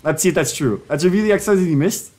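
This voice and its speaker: A young man on a live stream, joking as he reads prompts aloud. His voice sits high and swings widely in pitch. Faint music plays quietly behind him. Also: expressive, fast. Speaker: livestreamer. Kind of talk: casual live-stream commentary.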